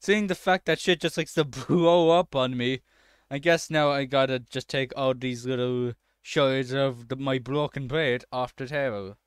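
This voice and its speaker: Swearing man yelling over a game. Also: mid-range voice, steady tone, a little slow, clear, resonant tone, dry recording, clean studio sound. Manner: swearing, frustrated outbursts at the game. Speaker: let's-play gamer. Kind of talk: let's-play commentary.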